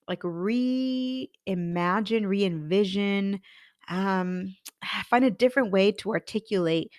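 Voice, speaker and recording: A career coach and podcast host in her thirties recounts her own story candidly, performing her past thoughts as she goes. Her voice is mid-range, and the clean studio recording has no room sound.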